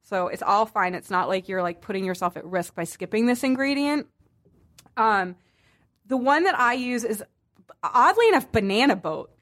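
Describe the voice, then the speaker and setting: Woman podcast host, Boston-raised, mid pitch, loose and chatty with asides. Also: lively intonation, normal speed, a bit bright. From Boston area. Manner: chatty, rambling with fillers and asides. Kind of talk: casual chat.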